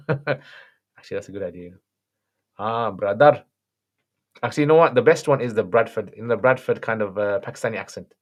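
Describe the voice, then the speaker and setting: A man hosting a livestream and answering viewer questions in a relaxed, chatty way. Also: lowish voice, rapid-fire, few pauses. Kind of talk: casual chat.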